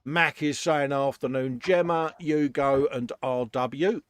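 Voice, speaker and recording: A man's voice: mid-range voice, slow pace, no room sound. An English man hosting a casual live chat from his workshop, laughing often and calling everyone "mate". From England. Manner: chatty, laughs often, says "mate" a lot. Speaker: host.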